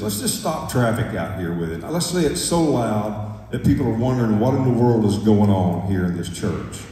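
A man's voice: on the low side, warm tone. Folksy man in an echoey hall. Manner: folksy, joking, stirs the crowd up. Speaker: gospel quartet singer speaking to the audience. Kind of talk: stage talk between songs. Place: church concert hall. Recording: echoey hall, distant mic, crowd.

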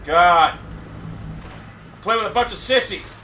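A man commentating his own gameplay live, cursing and boasting, often breaking into frustrated shouting. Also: high voice, slow pace. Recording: echoey room, distant mic, faint hiss.

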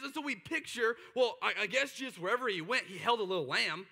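Male pastor, sermon delivery, gravelly edge to the voice, long church-hall reverb. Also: very high-pitched, fast, few pauses. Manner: energetic, rhetorical questions, sarcastic humor. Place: large church auditorium.

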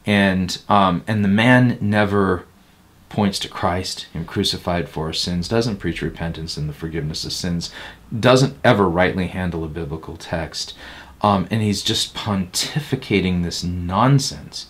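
A man's voice: sits low, unhurried, a bit bright. A man who is a pastor, answering interview questions in a blunt, emphatic and critical way. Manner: emphatic and blunt, slipping into mocking quotes of others.

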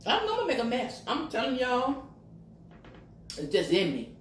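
Speaking unhurriedly with a fairly high voice and huge pitch swings, a woman in her 50s from Virginia eats on camera and chats casually with her audience. She hums over the food and talks through mouthfuls; the room echoes and carries faint noise.

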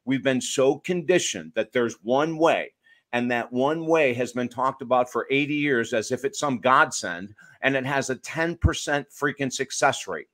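A man's voice: mid-range voice, moderate pace. A man, an author and addiction counselor, talking emphatically in a podcast interview and telling stories to make his points. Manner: emphatic, storytelling, lively asides.

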